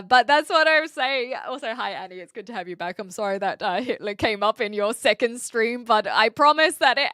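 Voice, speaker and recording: Female streamer, slightly high and bright, loose chatty delivery with laughs. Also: smooth, dry recording, clean studio sound. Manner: chatty and rambling, with frequent laughter and hesitations. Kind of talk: casual livestream chat, reading viewer comments aloud.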